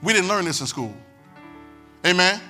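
A man's voice: sits high, lively intonation, normal speed, sharp tone, soft background music. A man a sermon as pastor, emphatic and repetitive, calling on the congregation to listen. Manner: emphatic, repetitive preaching with call-and-response.

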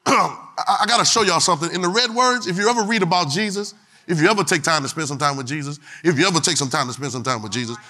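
Man, preacher, church service, high bright voice, call-and-response and shouts. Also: fast. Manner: call-and-response with the congregation, swings from quiet to shouting. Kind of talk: sermon.

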